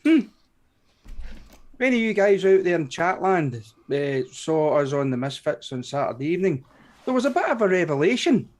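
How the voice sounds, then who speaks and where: A woman co-hosts a live stream, rattling through viewer greetings in a chatty, sweary way. Her pitch bounces up and down as she talks. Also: very animated, normal speed, a little mellow. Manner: chatty, laughing, swears freely. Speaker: co-host. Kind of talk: live stream chat, reading out viewer names.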